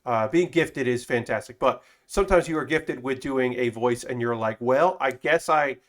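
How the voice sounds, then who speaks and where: A man's voice: medium pitch, moderate pace. A man streaming while building a model kit, talking casually in a rambling, self-correcting way with frequent swearing. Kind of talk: casual live-stream chat.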